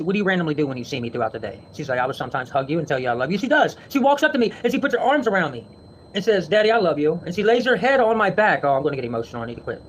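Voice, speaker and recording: High, fast-talking ranting man. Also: a little hiss or hum. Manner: heated, defensive, profane. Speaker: vlogger. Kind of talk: ranting monologue to viewers. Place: home.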